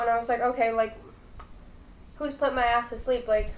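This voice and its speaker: A woman's voice: a little high, steady tone, a little fast, darkish tone. A young woman hosting an eating vlog, chatting casually and rambling with lots of fillers. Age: young adult. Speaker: mukbang host. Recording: roomy echo, faint background noise.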